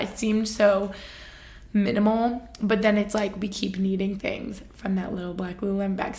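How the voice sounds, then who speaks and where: A woman's voice: medium pitch, vocal fry. A woman in her twenties chatting casually to camera, telling stories with lots of fillers and laughter. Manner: chatty, giggly storytelling with many fillers. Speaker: vlogger. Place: new apartment, indoors.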